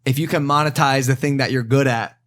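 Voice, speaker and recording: A man hosting a casual podcast interview, speaking thoughtfully and haltingly, often restarting his words. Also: mid-range voice, steady tone. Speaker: host.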